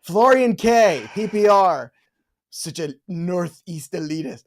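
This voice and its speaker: Man, live-stream host, casual chat, joking, rapid-fire questions, slightly high-pitched. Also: animated.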